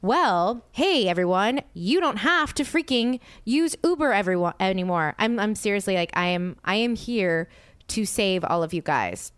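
Chatty woman host, smooth dry voice. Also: mid-range voice, moderate pace, no room sound. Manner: animated storyteller, heavy use of "like"; acts out quoted dialogue with exasperation. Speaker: podcast host. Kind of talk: casual chat.

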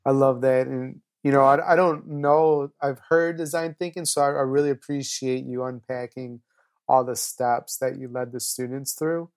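An interviewer asking short questions and summing up warmly. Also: medium pitch, steady tone, normal speed.

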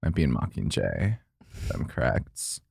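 A man's voice: a bass voice, huge pitch swings, moderate pace, creaky, a little mellow, slightly rough, no room sound, clean studio sound. A young man co-hosting a podcast in casual chat, rambling and laughing often as he tells stories. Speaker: podcast co-host.

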